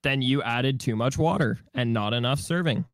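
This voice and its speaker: A man's voice: medium pitch, normal speed, dry recording, studio quality. A man from Ontario co-hosting a casual podcast, teasing crudely and reading mock ads. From Ontario, Canada. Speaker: podcast co-host.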